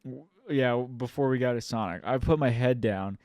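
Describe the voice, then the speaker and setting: A man's voice: medium pitch, moderate pace, darkish tone, dry recording, studio quality. A young man co-hosting a podcast, telling a rambling story in casual chat, swearing often and mimicking people as he goes. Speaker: podcast co-host.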